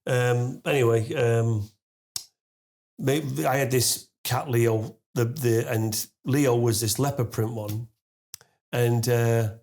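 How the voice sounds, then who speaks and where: A man in his forties, a podcast guest, telling a long anecdote with lots of fillers and restarts, and getting louder and higher as he laughs through the punchline. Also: slow. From England. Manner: animated storyteller, rising to loud laughing disbelief; frequent fillers and restarts, swears casually. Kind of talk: storytelling in a podcast interview.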